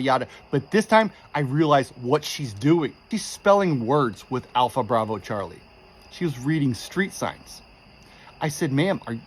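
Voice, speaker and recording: Man, casual storyteller, somewhat high voice, animated, exasperated, quotes dialogue. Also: slightly rough.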